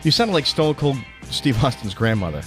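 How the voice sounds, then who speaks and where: A man's voice: mid-range voice, sing-song, normal speed, a bit bright, faint music behind. A man with a Boston accent, the show's producer, teasing the host in dry, casual banter. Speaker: podcast producer.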